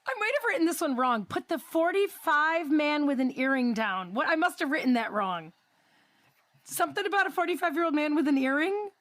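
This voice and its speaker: A woman's voice: high voice, expressive, brisk, slight background noise. A woman co-hosting a casual podcast chat, reading out jokes from her notes and giggling. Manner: giggly, warmly teasing, reading notes aloud. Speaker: podcast co-host.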